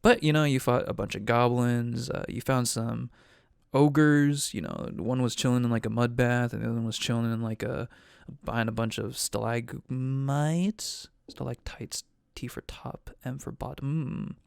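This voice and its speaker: A man's voice: mid-range voice, steady tone, unhurried, gravelly, smooth, no echo, studio quality. A man acting as game master, giving a rambling, profane, offhand recap of a tabletop game.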